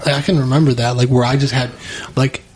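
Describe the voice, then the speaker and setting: A mid-pitched young man hosts a casual podcast from a home basement studio. He is blunt and profane and drops "dude" often. A faint hiss sits under the voice. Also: fairly even intonation, quick pace, a little mellow. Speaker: podcast host.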